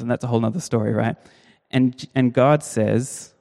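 A man preaching in a relaxed, conversational way, leaning on emphasis and throwing rhetorical questions at his listeners. His mid-pitched voice rings out with a long reverb that trails through a large hall. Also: moderate pace. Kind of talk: sermon.

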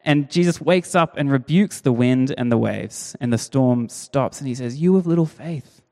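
A man's mid-pitched voice, touched with vocal fry and at normal speed, rings through a large hall with long reverb as he preaches a sermon. His delivery is relaxed and conversational, leaning on emphasis and rhetorical questions for his listeners.

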